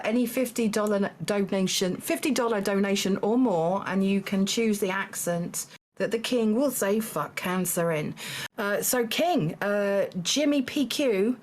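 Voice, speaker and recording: A woman hosting a live-streamed game show, talking in a halting way with lots of fillers and small laughs. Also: medium pitch. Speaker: Taskmaster host.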